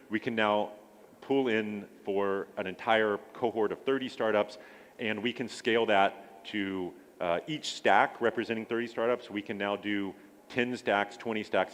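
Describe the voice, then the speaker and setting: A man pitching his startup accelerator at a conference, hesitant, with many filler sounds and restarts.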